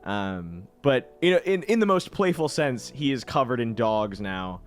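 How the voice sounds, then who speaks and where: Man, game master, animated delivery, faint background music. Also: mid-range voice, unhurried. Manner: lively, laughing, full of fillers. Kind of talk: narrating a tabletop game.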